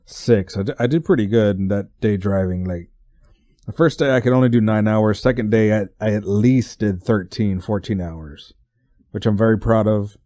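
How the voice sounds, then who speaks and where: A man's voice: on the low side, normal speed, dark tone, dry recording, clean studio sound. A man in his twenties from Texas, hosting a podcast and telling a rambling, profanity-laced story with lots of stumbling restarts. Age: 20s. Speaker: podcast host.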